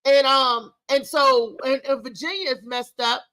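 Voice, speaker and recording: A middle-aged woman hosting a talk show, telling a personal story in a candid, emphatic, animated way. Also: high voice, a little slow, over a noisy crowd, poor audio.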